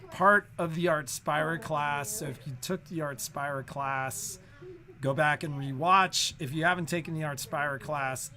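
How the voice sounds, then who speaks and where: A man's voice: fairly high pitch, sharp tone. A man co-hosting a sewing shop update, musing thoughtfully with many fillers and restarts.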